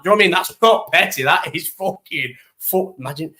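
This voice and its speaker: A young man telling an animated, swear-filled story while chatting to a live stream audience. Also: fairly high pitch, a little fast, hardly any pauses. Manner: animated, swears freely, talks to live chat. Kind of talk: casual storytelling chat.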